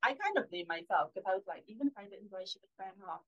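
A woman guest on a faith podcast, telling a personal story candidly and often dropping to a soft, low voice. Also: expressive, very fast. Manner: candid, often drops to a soft, low voice when recalling things. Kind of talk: casual storytelling conversation. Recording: slightly dull lo-fi sound.

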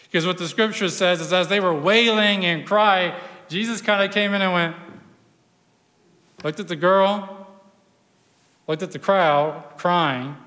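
Slow, bright male preacher in a reverberant hall. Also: high-pitched. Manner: storytelling, dramatic pauses, drops to a hush. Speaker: pastor. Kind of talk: sermon.

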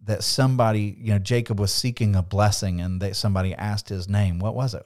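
A man's voice: mid-range voice, brisk, hardly any pauses. A man co-hosting a Bible discussion podcast who explains scripture earnestly and with animation, acting out the quotes he cites. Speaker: podcast co-host.

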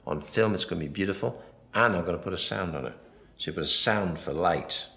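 A man's voice: low voice, fairly quick, gravelly, pushed and bright, echoey room. A man giving a film commentary, rambling and anecdotal, acting out quoted dialogue as he goes. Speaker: film director.

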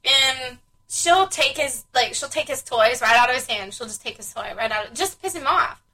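High, bright mom telling stories. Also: female voice, moderate pace, low-quality recording. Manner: animated storyteller, acts out her kids' voices. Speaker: podcast co-host. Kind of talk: casual chat.

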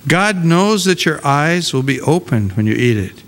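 A man reading the lines of a sly, tempting serpent from scripture, slow and insinuating. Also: a little high, sing-song, long reverb tail. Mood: coaxing.

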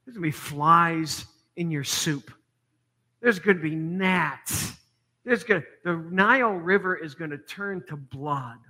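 A middle-aged male pastor delivering a sermon in a storytelling way, dropping to hushed lines and rising to emphatic ones. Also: fairly high pitch, slow.

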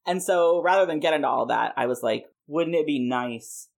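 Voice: medium pitch, moderate pace, creaky. Rambling, playful podcast host. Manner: playful, rambling, frequent laughs and many "like" fillers. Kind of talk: casual chat, pitching a comic plot.

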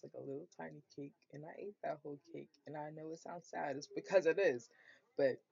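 A woman of twenty, hosting her own podcast, telling stories in a casual, animated way, swearing freely and saying "like" a lot. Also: deep voice, vocal fry, husky, dry recording, dull audio. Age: 20s. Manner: animated, swearing, storytelling with filler "like". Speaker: podcast host. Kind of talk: casual solo podcast monologue.

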